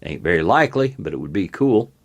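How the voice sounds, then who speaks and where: Folksy, low-voiced talk show host. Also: male voice, sing-song, quick pace. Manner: folksy, opinionated, plain-spoken. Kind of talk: casual political commentary. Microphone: webcam on desk.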